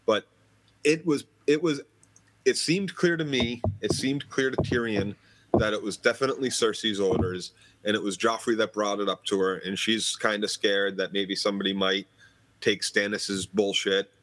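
A man's voice: lowish voice, fairly even intonation, moderate pace, background noise. A man co-hosting a casual podcast recap chat, argumentative and profane, rambling through his points. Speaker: podcast co-host.

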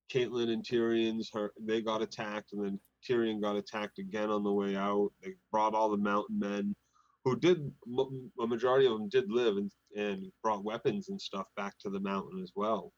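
A man co-hosting a casual recap discussion, relaxed, chiming in with short comments. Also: fairly low pitch, normal speed, no room sound. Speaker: podcast co-host. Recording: dull, dry sound.

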